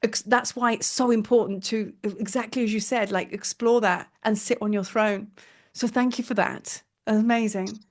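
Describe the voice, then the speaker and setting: A woman's voice: fairly high pitch, fairly even intonation, normal speed. A woman teaching an online spiritual class in a casual, effusive way, laughing often and talking over a video call. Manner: chatty and effusive, laughs often, many fillers.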